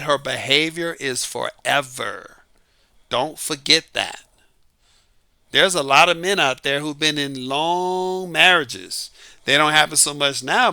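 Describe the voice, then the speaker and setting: A man's voice: on the high side, gravelly, bright, forceful tone, dry recording. A middle-aged man talking casually about dating, emphatic and full of rhetorical questions. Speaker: dating advice talker. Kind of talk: casual monologue.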